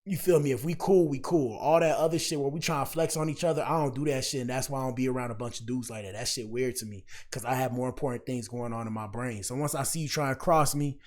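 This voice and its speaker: A young man riffs on a video for his viewers in slang-heavy, preachy commentary. His voice sits at an ordinary pitch, and he keeps turning to the audience to make his point. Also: quick pace, hardly any pauses. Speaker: commentary streamer. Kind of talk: casual reaction commentary.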